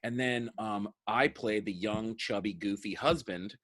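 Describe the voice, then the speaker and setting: A comedian in his thirties, appearing as a guest in a casual interview, tells rambling stories and acts out the people he quotes. His voice is fairly low and a bit bright, delivered at a measured pace.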